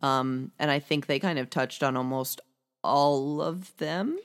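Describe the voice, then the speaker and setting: A woman's voice: deep voice, measured pace, clear, resonant tone. A woman with a Midwestern American accent, co-hosting a podcast in frank, laid-back, rambling casual chat. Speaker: podcast co-host.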